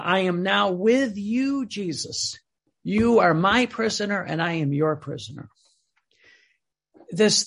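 A man's voice: fairly high pitch, fairly bright tone, slightly rough. A man giving a devotional teaching talk, earnest and emphatic, often repeating phrases. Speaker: religious teacher.

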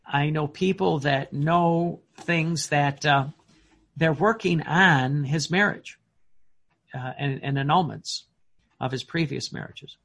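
A man preaching a sermon in an earnest, emphatic way, often pausing on fillers and restarting his words. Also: on the high side, vocal fry, fairly bright tone, breathy edge.

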